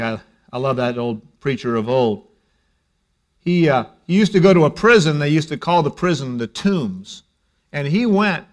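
Middle-aged pastor guy preaching, chatty then quiet then punchy, kinda high voice. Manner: conversational preaching, shifts between hushed and emphatic. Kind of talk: sermon.

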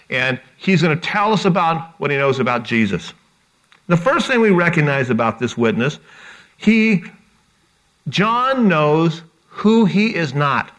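A middle-aged man preaching a sermon, animated and repeating words as he acts out the people he quotes. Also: on the high side, measured pace. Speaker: pastor.

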